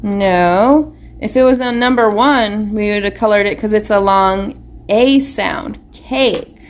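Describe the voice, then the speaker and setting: A woman's voice: medium pitch, unhurried. A woman teacher giving a live online phonics lesson to young children, patient and encouraging, asking them question after question.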